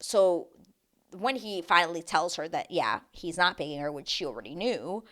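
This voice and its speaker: A woman's voice: lowish voice, animated, normal speed, a bit bright. A woman hosting a casual TV recap, chatty and dramatic as she acts out her reactions. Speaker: recap show host.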